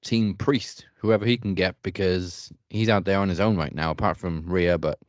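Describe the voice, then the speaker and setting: A man co-hosting a wrestling podcast, calmly breaking down the matches in a measured, analytical way. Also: low voice, no echo. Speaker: podcast co-host. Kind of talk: casual chat.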